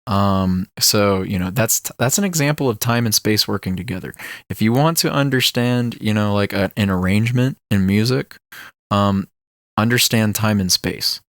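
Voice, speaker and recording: A young man with a fairly low voice hosts his own podcast. He rambles through ideas with plenty of ums and likes. The recording is dry and close, with no room sound. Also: normal speed, no room sound. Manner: rambling, filler-heavy, musing about ideas. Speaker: podcast host. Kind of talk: casual solo podcast talk.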